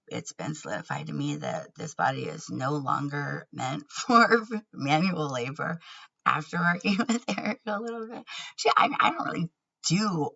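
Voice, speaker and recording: A woman's voice: deep voice, creaky, bright, forceful tone, breathy edge, dull audio. A woman talking candidly in a personal vlog, earnest and laughing often between words. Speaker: vlogger.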